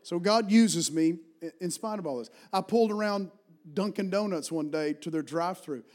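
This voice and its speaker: A middle-aged man with an Appalachian accent preaching a Pentecostal sermon, moving from hushed storytelling to loud, fervent calls to the congregation. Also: high-pitched, moderate pace. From Virginia, Appalachian Mountains. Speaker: pastor.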